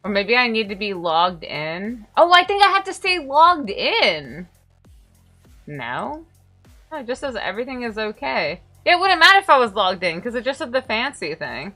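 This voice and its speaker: Bright, giggly woman streamer. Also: on the high side, big pitch swings, moderate pace, faint music behind. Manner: giggly, rambling, playful self-talk. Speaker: VTuber streamer. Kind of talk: casual livestream chat.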